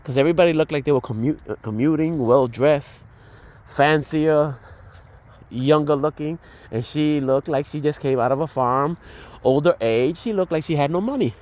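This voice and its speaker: A man's voice: on the high side, normal speed, a little mellow. Older man rambling through a testimony. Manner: rambling, with restarts and fillers; reenacts dialogue as he tells it. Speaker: storyteller. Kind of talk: casual spoken testimony.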